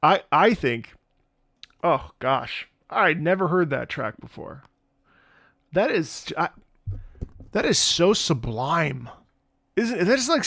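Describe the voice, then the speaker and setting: A man reacting to game music, gushing emotionally in halting, restarting phrases. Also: on the high side, gravelly, fairly bright tone, no echo, studio quality. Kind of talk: casual reaction commentary.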